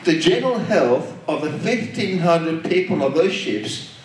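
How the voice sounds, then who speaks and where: A slow, emphatic sermon with a repetitive cadence comes from a man whose slightly high voice has lively intonation, rising and falling with great animation. The recording is distant, captured in a very echoey hall.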